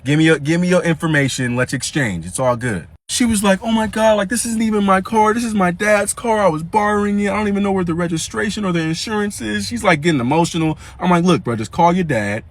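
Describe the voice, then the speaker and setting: A young man casually telling a story in slangy, animated speech, acting out the dialogue. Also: high voice, fast talker, few pauses.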